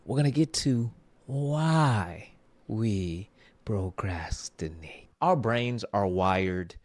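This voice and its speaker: A man presenting a scripted motivational vlog with self-help advice, animated and self-mocking, with playful asides. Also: fairly low pitch, extremely slow, dry recording.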